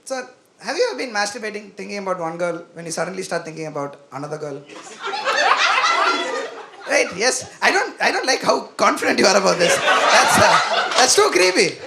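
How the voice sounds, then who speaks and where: Animated young man doing stand-up. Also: high voice, a little fast, creaky, very noisy. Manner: animated, self-mocking, talks to the crowd. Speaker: stand-up comedian. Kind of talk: stand-up comedy set. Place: comedy venue with live audience.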